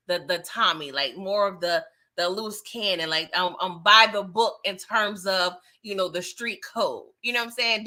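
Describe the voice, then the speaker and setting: Woman reviewer, casual recap host, chatty and slangy, a touch higher and bright. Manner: chatty, slangy, laughs often.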